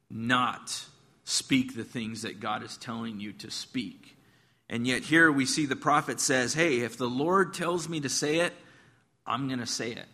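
Forceful preacher man in a reverberant hall. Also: mid-range voice. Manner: conversational and emphatic, addressing listeners directly. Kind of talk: sermon retelling a Bible passage.

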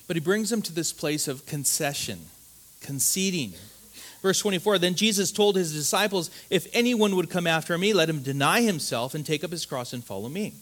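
A man with a somewhat high voice preaches a sermon. He speaks earnestly and with emphasis, often stammering into restarts and tossing in rhetorical questions. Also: brisk, fairly bright tone. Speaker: pastor.

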